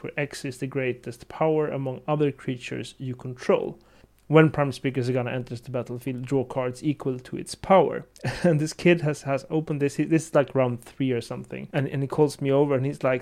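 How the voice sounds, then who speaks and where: The host of a laid-back podcast has a gravelly, medium-pitched voice; he spins stories with lots of energy and laughs frequently.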